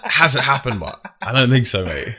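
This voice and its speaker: Bright-voiced young Australian man, blunt banter. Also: mid-range voice, very animated, fairly quick, breathy edge. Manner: blunt, teasing, crude. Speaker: podcast co-host. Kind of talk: casual podcast banter.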